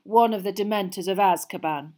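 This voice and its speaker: A woman voicing a hoarse, weary wizard teacher. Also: sits high, brisk, darkish tone, natural voice. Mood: calm firm. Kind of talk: audiobook character reading.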